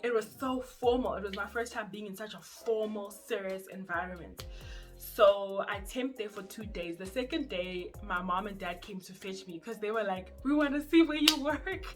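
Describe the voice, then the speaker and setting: A young woman from South Africa with a South African accent, telling her story in a casual, animated vlog. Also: medium pitch, moderate pace. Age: young adult. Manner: chatty and animated, acts out quoted voices. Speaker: YouTuber. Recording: music playing underneath.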